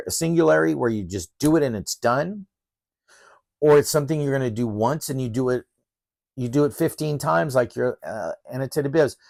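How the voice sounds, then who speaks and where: A middle-aged male professor lectures in a blunt, emphatic, fired-up way, like a coach pushing his students. His pitch sits in an ordinary middle range. The sound is dry and close, with no room echo. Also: gravelly, darkish tone. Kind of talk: course introduction lecture.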